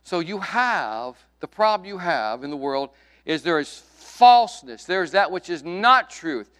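A middle-aged man preaching a sermon with emphasis, his voice rising loud and dropping to a hush, with folksy asides. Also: on the high side, sing-song, unhurried, smooth. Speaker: pastor.

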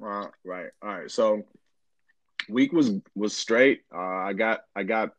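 A young man co-hosting a casual podcast, talking in a relaxed, rambling way with lots of fillers. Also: fairly low pitch, slow pace, dry recording. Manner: laid-back, rambling with many fillers. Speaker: podcast co-host.

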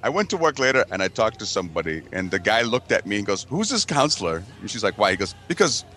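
A man with a Midwestern American accent co-hosting a casual podcast, telling a profane childhood story with falsetto impressions. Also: lively intonation, pushed and bright. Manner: profane, quick asides, acts out his mother in falsetto. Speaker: podcast co-host.

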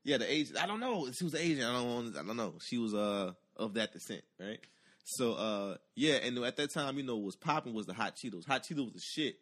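Man, casual storytelling, lively swooping pitch, profane, acts out other people's voices. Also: brisk.

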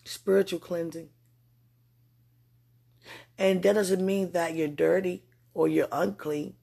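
Husky, gravelly voice praying aloud, just woken. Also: medium pitch, slow pace. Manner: talks aloud to God, rambling and emotional; swings between excited bursts and quiet murmurs. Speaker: spiritual vlogger. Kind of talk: spontaneous prayer and spiritual message.

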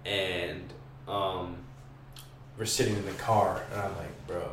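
A man's voice: low voice, slow, distant mic. A young man telling a wild story in casual podcast talk, slangy and profane, with lots of "bro" and "like," acting out the voices and screams he describes. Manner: excitable, acts out voices and screams. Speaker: podcast guest. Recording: echoey room, away from mic, faint hiss.

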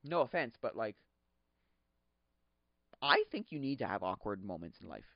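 A man hosting a podcast, chatting casually in a rambling, excitable way, laughing often and acting out quotes. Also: lowish voice, normal speed, gravelly, dry recording. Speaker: podcast host. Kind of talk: casual solo chat. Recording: dull lo-fi sound.

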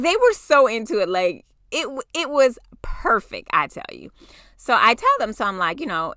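Animated woman in her forties telling a story. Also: a little high, moderate pace, dry recording, studio quality. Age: 40s. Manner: animated, swears freely, acts out quotes. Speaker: podcast host. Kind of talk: casual storytelling.

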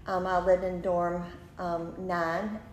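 A woman in her fifties, a podcast host, telling a personal story in an animated way, laughing often and acting out what people said. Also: on the low side, slow. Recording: roomy room with faint noise.

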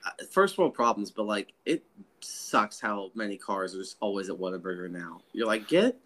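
A young man from North Texas with a bright, forceful voice, co-hosting a podcast. He talks casually, with quick jokes and easy swearing. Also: on the low side. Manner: joking, profane, animated. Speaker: podcast co-host. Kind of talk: casual chat.

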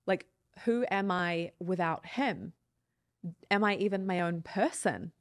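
A woman's voice: lowish voice, takes it slowly, no echo, clean studio sound. A woman in her thirties, a podcast guest, telling a personal story in a candid, reflective and earnest way. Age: 30s.

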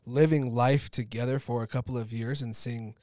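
A man's voice: mid-range voice, fairly even intonation, moderate pace, a little mellow, no room sound, studio quality. A man, hosting a podcast and firing off teasing questions. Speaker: podcast host. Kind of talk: casual interview.

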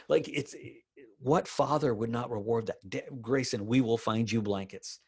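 A middle-aged man preaching a sermon, telling a personal story with animated bursts and slow, emphatic phrases. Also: lowish voice. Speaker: pastor.

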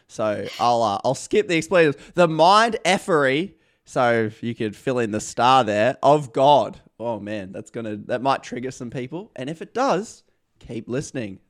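An Australian man hosting a podcast interview, chatty and joking, often trailing off softly. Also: mid-range voice. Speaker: podcast host.

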